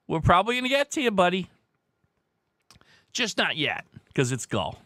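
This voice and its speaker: A man's voice: high voice, big pitch swings, normal speed, pauses often, bright, forceful tone, dry recording. A man hosting a casual live stream, thinking aloud as he weighs guesses and chats with viewers.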